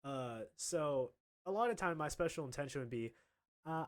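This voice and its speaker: Telling a relaxed tale about his school years, a young man speaks at a moderate pace in a voice on the high side. He laughs frequently and voices the other characters with animated energy.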